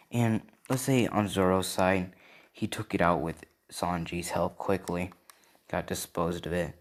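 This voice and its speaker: A man with a low voice tells an improvised fan story in a loose, casual way. He talks slowly and leans on fillers and tag questions as he goes. The delivery stays relaxed and meandering throughout. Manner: rambling, many "and yeah" and "right?" fillers.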